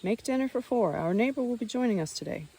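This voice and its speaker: A woman's voice: on the high side, animated, quick pace, mellow, slight background noise, pitched above the performer's own voice. A woman reading the lines of a friendly, generous man who drives a car, in an audiobook. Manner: hospitable, generous.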